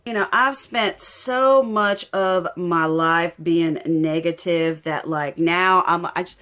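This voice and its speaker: A woman's voice: lowish voice, slow, hardly any pauses, pushed and bright. A young adult woman chatting casually to her viewers while doing her makeup, rambling and heartfelt and often emotional. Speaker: beauty vlogger. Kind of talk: casual get-ready-with-me chat.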